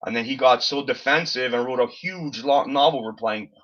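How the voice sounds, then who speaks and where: A man talks through a long, exasperated story on a casual live stream, wandering and swearing as he goes. His voice is bright and forward, and the stream audio sounds a little dull and lo-fi. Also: medium pitch, normal speed. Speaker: livestream host.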